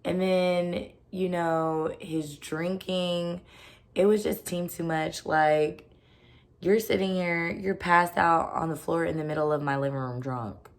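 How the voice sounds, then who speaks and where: A woman speaks to her camera in a casual, unfiltered rant, leaning on "like" and dropping curse words without hesitation. Her voice sits on the low side and carries a gravelly, fry-tinged texture. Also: steady tone, slow pace. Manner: blunt, profane, heavy use of "like". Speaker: vlogger.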